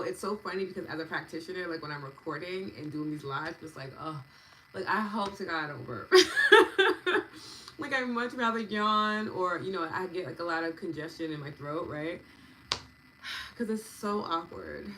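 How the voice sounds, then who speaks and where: A woman in her thirties, a meditation and EFT practitioner, hosting a live wellness session and chatting warmly with viewers by name. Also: deep voice, vocal fry, noisy background. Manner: gentle, affectionate and chatty, thanking viewers by name.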